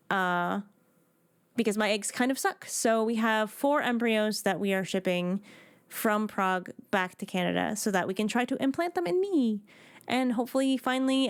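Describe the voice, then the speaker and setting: A woman in her thirties chatting casually with viewers on a live game stream, excitable and prone to restarting her sentences. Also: mid-range voice, clean tone, dry recording.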